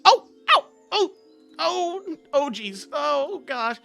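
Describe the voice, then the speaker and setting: A woman's voice: high voice, very animated, slow pace, creaky, bright, forceful tone, soft background music, pitched above the performer's own voice, heavily acted. A woman voicing a shy, sweet young male satyr who stammers and talks in folksy gee-golly phrases. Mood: bashful.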